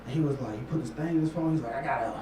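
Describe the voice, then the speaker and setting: A man's voice: a little high, very fast. A man, telling loose, profane stand-up stories. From Memphis, Tennessee. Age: 30s. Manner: loose, profane storytelling with frequent laughs and asides. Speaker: stand-up comedian. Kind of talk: stand-up comedy set. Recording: roomy club sound from far off with noise.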